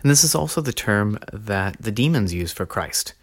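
A man hosting a teaching podcast, speaking in a measured, earnest way and slowing down to stress key phrases. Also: fairly low pitch, animated. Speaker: podcast host teaching on early Christianity.

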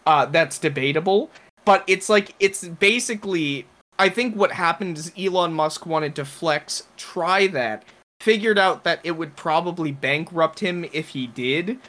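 Bright-voiced man rambling on a podcast. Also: a little high, unhurried. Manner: rambling, filler-heavy explaining. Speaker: podcast co-host. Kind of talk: casual podcast banter.

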